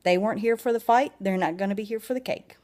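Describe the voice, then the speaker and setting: A woman's voice: medium pitch, fast, darkish tone. A woman with a Southern US accent giving a blunt, emphatic motivational talk to camera, swearing freely. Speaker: vlogger.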